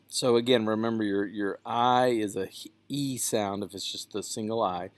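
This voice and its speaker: Slow-spoken man teaching pronunciation. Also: medium pitch, fairly even intonation, no room sound. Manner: unhurried, with frequent fillers. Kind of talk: reading aloud and explaining pronunciation.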